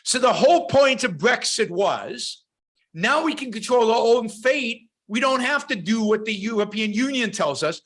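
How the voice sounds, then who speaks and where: A man's voice: very high voice, lively intonation, normal speed, a bit bright. A middle-aged man hosting a show, giving opinionated, emphatic commentary with lots of fillers and restarts. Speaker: show host. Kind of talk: casual livestream commentary.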